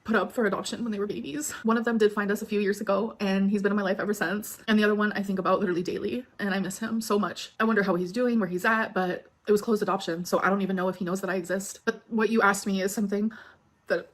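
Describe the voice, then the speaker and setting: A woman chats casually, answering questions from her viewers. She talks fast and rambles, leaning on fillers and turning emotional. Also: medium pitch, fairly even intonation. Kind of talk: casual chat.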